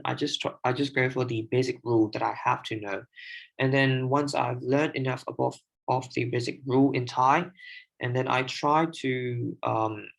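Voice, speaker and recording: Gravelly-voiced young man, halting speech. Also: medium pitch, fairly bright tone, low-quality recording. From Myanmar. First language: Burmese. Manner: hesitant, many restarts and fillers. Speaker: language learner sharing tips. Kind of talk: casual livestream talk.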